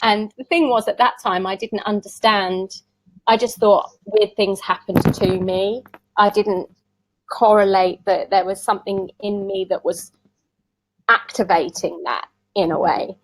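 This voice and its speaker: A woman's voice: medium pitch, fairly even intonation, measured pace, no echo, poor audio. A woman, a tarot reader chatting as an interview guest and telling stories with frequent laughs. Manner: chatty storyteller who laughs often. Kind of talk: casual conversational interview.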